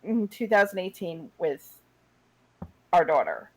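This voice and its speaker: A woman in her forties co-hosting a radio talk show, telling a story in brisk, casual chat. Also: fairly low pitch, animated, darkish tone, slight background noise, rough recording. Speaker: radio co-host.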